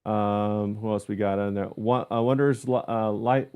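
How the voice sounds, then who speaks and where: Low-voiced man hosting a livestream. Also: steady tone, normal speed, a little mellow, clean tone. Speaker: livestream host. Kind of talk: casual livestream chat.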